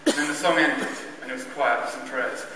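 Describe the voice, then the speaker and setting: A man's voice: medium pitch, fairly quick, background noise. Man telling a wry story in a church. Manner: wry, self-mocking, chuckling anecdotal delivery. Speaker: speaker at a church carol event. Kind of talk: humorous storytelling to an audience. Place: large church. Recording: distant echoey church recording.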